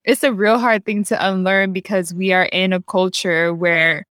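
A woman's voice: medium pitch, steady tone, normal speed, fairly bright tone, clean tone, dry recording, clean studio sound. A young woman hosting a casual chat, talking emphatically and calling her guest girl.

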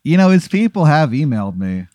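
Lively-voiced man laughing along as host. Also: a little high, no echo. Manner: playful, quick to laugh, answers as if really in the scenario. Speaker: podcast host, comedy club owner. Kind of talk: casual comedic chat.

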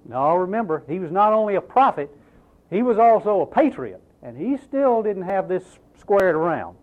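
Animated male preacher, tinny phone-like sound. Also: high-pitched, moderate pace. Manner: animated, emphatic preaching with rhetorical questions. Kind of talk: sermon.

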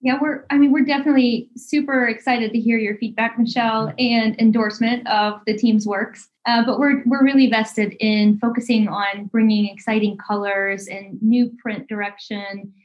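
A woman's voice: on the high side, steady tone, moderate pace, few pauses, muffled recording. A woman guest on a video call explaining design work in polished corporate language. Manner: corporate, buzzword-heavy.

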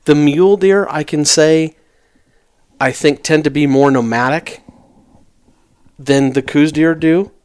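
A man co-hosting a hunting talk show, speaking casually with frequent stammered restarts. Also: a little high. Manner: stammering restarts, relaxed and agreeable. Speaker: hunting podcast co-host. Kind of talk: casual chat.

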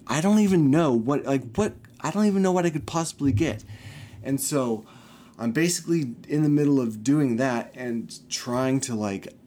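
A man's voice: medium pitch, a little mellow. Young guy ranting, pissed off, swears a ton, trips over his words, mid voice, faint hiss behind. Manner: agitated, swears a lot, halting restarts. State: upset. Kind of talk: venting personal story to camera.

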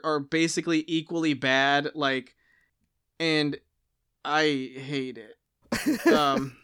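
A man co-hosting a book podcast, talking earnestly and a little apologetically. His voice is bright and sits fairly high for a man. The sound is close and dry, with no room in it. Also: smooth, no room sound. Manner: earnest, apologetic, halting restarts. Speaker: podcast co-host. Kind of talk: casual book podcast chat.

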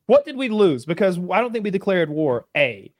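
A man's voice: high-pitched, big pitch swings, brisk, no echo. A man in casual chat, rambling at length and dropping dry, sarcastic jokes.

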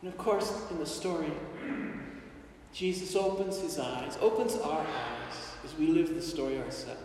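A man's voice: a little high, lively intonation, moderate pace, a little mellow, a little hiss or hum. A man preaching a sermon as a priest, acting out pleas in the first person with dramatic feeling. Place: large church. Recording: distant mic, echoey church hall.

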